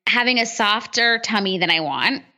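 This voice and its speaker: A woman's voice: mid-range voice, lively intonation, normal speed, bright, forceful tone. Candid, chatty woman in her thirties. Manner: candid, chatty, heavy use of "like". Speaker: guest. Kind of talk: casual podcast conversation.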